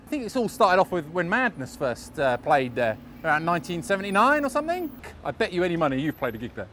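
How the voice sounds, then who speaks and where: A man's voice: on the high side, sing-song, fast, bright, forceful tone, a little hiss or hum. Chatty man guiding a street walk. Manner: chatty, joking, bantering. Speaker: tour guide host. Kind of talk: casual walking tour chat. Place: outdoors on city streets. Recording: music playing behind.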